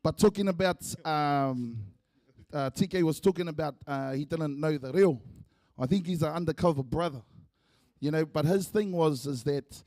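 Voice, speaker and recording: A New Zealand man with a slightly high voice speaks at a funeral in a relaxed, joking way. He slips Māori words into his speech. The recording is dry and close. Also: moderate pace, no echo. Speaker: eulogy speaker, family member. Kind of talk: humorous eulogy speech. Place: church.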